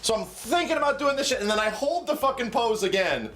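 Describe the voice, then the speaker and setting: Animated, profane man telling stories. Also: very high voice, fast. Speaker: streamer host. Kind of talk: casual stream chat.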